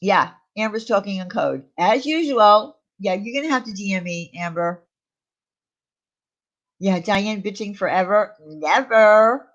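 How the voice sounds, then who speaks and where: A woman's voice: medium pitch, unhurried. A woman chatting casually on a live stream, answering viewers' comments aloud. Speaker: streamer reading chat. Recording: dull lo-fi stream audio.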